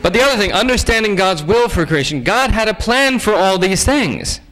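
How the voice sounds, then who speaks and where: A man giving a humorous sermon-style lecture in a conversational, joking way with lively asides. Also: high voice, moderate pace, rough recording.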